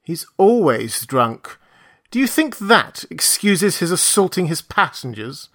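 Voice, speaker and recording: A man voicing a ship's doctor with a lisp and a slow, smouldering temper, speaking slowly in a raised, stern tone. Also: sing-song, fairly bright tone, exaggerated voice. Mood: stern remonstrating. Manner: slow, clipped remonstrance, rising in pitch.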